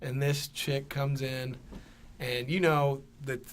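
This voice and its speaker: A young man telling a comedic story on a podcast, animated and profane, acting out voices. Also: mid-range voice, slow, a little hiss or hum. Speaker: podcast guest.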